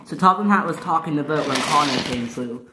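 A storyteller narrating a toy train story in a slow, plain way. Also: mid-range voice, lively intonation. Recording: echoey room, faint hiss.

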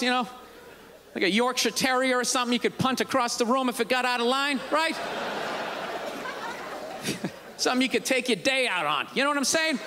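A man's voice: very high voice, noisy background. Ranting, sarcastic man doing stand-up. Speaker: stand-up comedian. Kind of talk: stand-up comedy. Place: comedy stage before live audience. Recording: live show with crowd laughter. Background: audience laughter and ambience.

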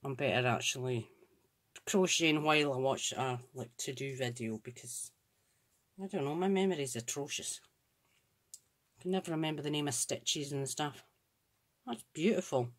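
A Scottish woman with a low-pitched voice hosts a crafts channel, casually unboxing and looking over craft supplies. She speaks at a moderate pace with long pauses, gushing with admiration and thinking aloud.

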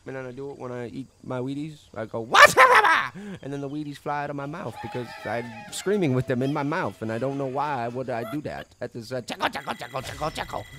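A young man hosting a silly game commentary, tired and loopy, rambling from mumbles to loud outbursts. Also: mid-range voice, a little hiss or hum. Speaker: gaming video host. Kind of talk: silly let's-play commentary. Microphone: desk microphone.

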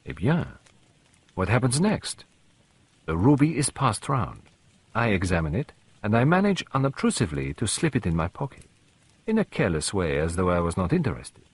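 Give me a man doing a precise elderly Belgian detective, husky and animated, from a storybook reading. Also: lowish voice, heavily acted. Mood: explaining. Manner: measured, formal, sprinkled with French words.

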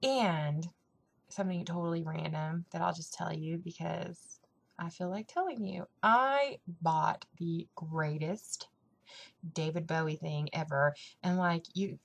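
A woman's voice: fairly low pitch, vocal fry. A young woman chatting casually on her vlog, rambling with lots of fillers. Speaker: vlogger. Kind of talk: casual weight-loss vlog chat.

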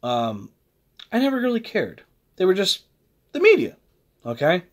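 A man's voice: high voice, wildly swooping pitch, measured pace. A man hosting his own channel, delivering a blunt, heated, opinionated rant that keeps interrupting itself. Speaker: host.

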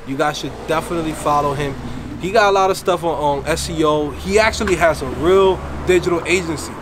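A man's voice: fairly high pitch, a little fast. A man from the Dominican Republic, hosting a casual vlog outdoors and talking in a slangy, hyped way. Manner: slangy and hyped, lots of "man" and "you already know". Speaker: vlog host. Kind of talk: casual street vlog chat. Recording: outdoor street noise behind the voice.

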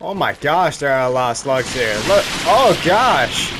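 A young man joking his way through a video game as a let's play commentator, with sudden excited yelps. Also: a little high, measured pace, hardly any pauses, very noisy. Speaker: gaming YouTuber.

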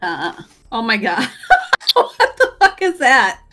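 A woman's voice: fairly high pitch, huge pitch swings, takes it slowly, sharp tone. A woman in casual gaming chat, joking and laughing with teammates. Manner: laughing, teasing banter. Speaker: gaming group member.

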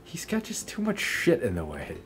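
A man's voice: medium pitch, wildly swooping pitch, moderate pace, a bit bright, faint music behind. A young man giving casual, profane, joking commentary while he plays a video game. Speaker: gameplay streamer.

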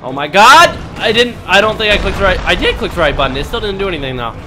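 Excitable young man swearing through a game. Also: high voice, fast, soft background music. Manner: excitable, swearing, trash-talking, panicky yelps. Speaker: gaming commentator. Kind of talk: let's play commentary.

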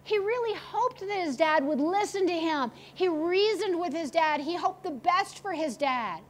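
A woman pastor preaching a sermon, retelling a story with animated, acted-out quotes. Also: very high-pitched, moderate pace.

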